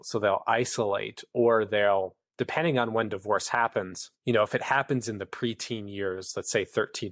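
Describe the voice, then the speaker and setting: Man, podcast guest, long-winded and earnest, fairly low voice, dry recording. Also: no room sound. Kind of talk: conversational explanation.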